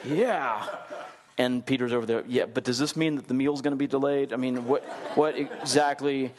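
A man preaching a sermon in a conversational, animated way, acting out the people in the story and putting questions to his listeners. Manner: animated storyteller, acts out quotes with big swings in pitch; conversational, asks the congregation questions. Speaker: pastor.

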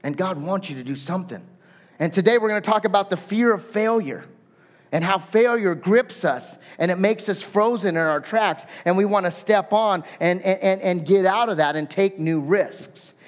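High-voiced male pastor preaching. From Southern California. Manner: conversational, self-deprecating. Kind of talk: sermon. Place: church. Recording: echoey hall.

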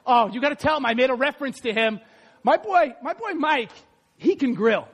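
A man preaching a lively sermon, reading scripture aloud, joking with the congregation and shouting for emphasis. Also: very high voice, normal speed, big-room sound. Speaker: pastor. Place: church sanctuary.

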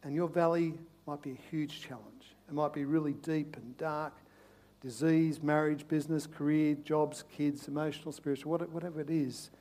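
A man preaching a sermon as pastor, passionate and repetitive, swinging between loud urgent pleas and hushed, intimate tones, often stammering into restarts. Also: a little high, fairly even intonation, normal speed. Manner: repeats phrases, restarts with stammers.

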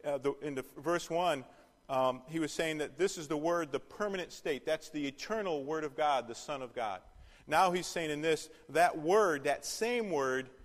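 Bible teacher in a reverberant hall. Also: male voice, a little high. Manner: questions the class and repeats key phrases. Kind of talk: interactive Bible study teaching.

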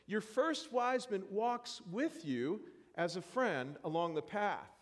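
A man preaching a sermon in church, animated and self-deprecating, joking with the congregation. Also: sits high, slow pace, long reverb tail. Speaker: pastor.

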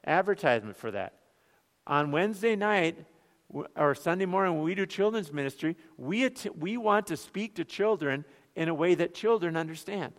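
Brief: Minnesotan-accented male pastor, fairly high voice, chatty sermon, long church reverb. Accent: Northern Minnesotan. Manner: conversational, rhetorical questions, joking asides.

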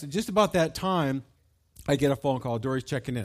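A middle-aged man telling a personal story at a bible study, folksy and animated, with many fillers. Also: mid-range voice, brisk.

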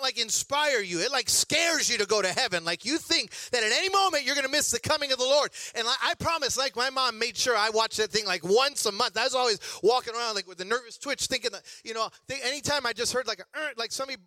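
A high-pitched man in his forties from the Chicago area delivers a storytelling sermon, animated and full of humor. He talks fast with few pauses, his voice very bright and forceful, and the recording is dry and close with no echo.

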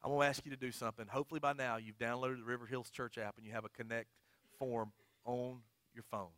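A middle-aged man, a pastor, preaching a sermon, telling a funny story with big outbursts, then dropping into quiet, earnest appeals. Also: mid-range voice, little pitch movement, quick pace, no echo.

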